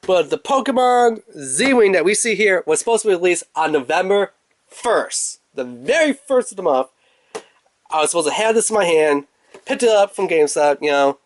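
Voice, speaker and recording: A man with a fairly high-pitched voice talks through a toy unboxing. He rambles in a casual, animated way and tells his story to the camera. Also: moderate pace, dry recording.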